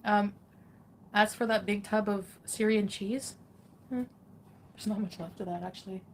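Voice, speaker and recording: A woman's voice: mid-range voice, fairly even intonation, unhurried. A woman in her thirties chats on a livestream, rambling from one thought to the next. She giggles often and fills her talk with "um" and "like". Her voice sits in an ordinary middle register, with a faint hiss behind it. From Canada. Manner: rambling, giggly, lots of fillers. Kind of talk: casual livestream chat.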